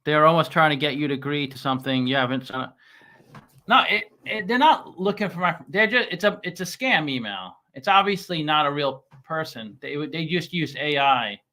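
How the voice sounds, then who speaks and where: A man hosting a casual stock commentary channel, talking with halting restarts and plenty of fillers. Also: on the high side, expressive, bright, forceful tone. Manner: reads scam email aloud mockingly. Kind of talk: casual chat.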